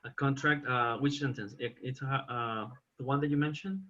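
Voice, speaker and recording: A man's voice: medium pitch, steady tone, normal speed, fairly bright tone, highs cut off. A man teaching an English class online, patiently correcting his students' examples.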